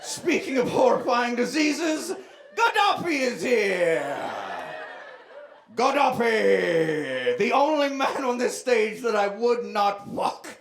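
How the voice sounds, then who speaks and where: A man in character as a flamboyant male rock singer, doing a live roast with theatrical shouted punchlines and bursts of song. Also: very high voice, creaky, pitched below the performer's own voice, full character voice. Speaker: roast comic in costume. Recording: echoey room with crowd.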